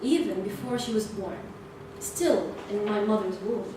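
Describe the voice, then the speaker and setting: A woman's voice: medium pitch, unhurried. A young woman giving a prepared club speech, telling a playful story with animation. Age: young adult. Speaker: club speaker. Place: meeting room. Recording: echoey room, distant mic, background noise.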